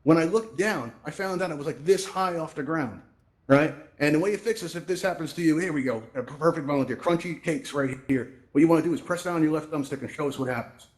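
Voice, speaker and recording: A New York man hosts a live virtual reality event, coaching the audience through the controls in an upbeat, chatty walkthrough from a VR social space. He talks quickly in a fairly high voice, picked up by his VR headset microphone with a reverberant sound.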